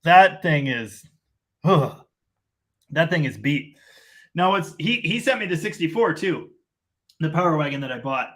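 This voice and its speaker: Middle-aged Canadian man, live-stream host; bright, slightly high voice, rambling self-deprecating chatter. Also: lively intonation, measured pace, pauses often. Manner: rambling, self-deprecating, talks in long run-on chains. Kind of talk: casual live-stream chat.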